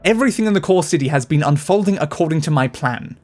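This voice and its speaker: A man voicing a cold, scheming young woman leader with a measured, brooding delivery. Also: a little high, expressive, soft background music, close to an everyday voice.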